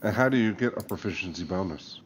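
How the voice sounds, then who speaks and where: A man's voice: deep voice, lively intonation, fast, a little hiss or hum. A man playing a tabletop game, hesitant and full of questions about the rules. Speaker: player. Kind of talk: casual tabletop chat.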